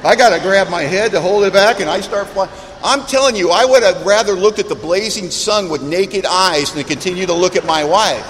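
A middle-aged man with a high voice stands before a recovery meeting and tells his own story, animated and quick to poke fun at himself. His words ring out with a long reverb in a large hall, and a faint background hum sits under him. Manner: animated, self-mocking storyteller. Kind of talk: personal storytelling talk.

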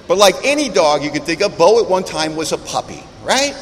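A high-voiced man tells humorous yet earnest stories to a recovery meeting. His voice carries a long hall reverb, with faint background noise underneath. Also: big pitch swings, a little fast. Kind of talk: storytelling talk to a meeting.

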